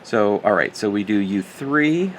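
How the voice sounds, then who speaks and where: A man's voice: lowish voice, animated, unhurried, a little hiss or hum. A man teaching a recorded math lecture, working through a problem aloud as he writes, with joking asides and muttered self-corrections. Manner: thinks aloud while writing, joking asides. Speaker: math instructor.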